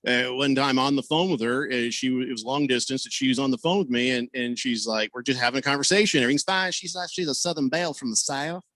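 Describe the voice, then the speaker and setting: A man hosting a sports radio talk show, telling stories in a lively way and voicing the people he quotes. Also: fast talker, few pauses, no echo. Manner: animated storyteller, voices quoted people with big pitch jumps. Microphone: studio microphone over video call.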